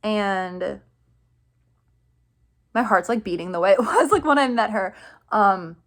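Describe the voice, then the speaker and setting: Excited rambling young woman storyteller. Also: mid-range voice, measured pace. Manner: excited, rambling, many fillers and "like"s, laughs often. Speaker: vlogger telling a fan story. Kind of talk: casual storytelling vlog.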